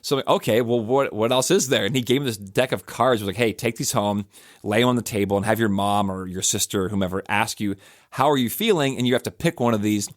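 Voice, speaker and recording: A pastor hosting a church podcast tells stories in a loose, rambling way, full of fillers, restarts and self-corrections, in casual podcast talk. He speaks quickly in a lowish voice, with clean studio sound and no echo.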